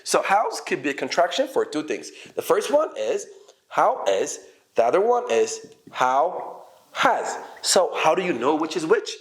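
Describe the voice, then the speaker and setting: A man gives an English lesson in a fairly high voice with a very animated, up-and-down melody. He explains patiently, acts out short sample conversations and asks his learners questions. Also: fairly quick. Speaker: English teacher.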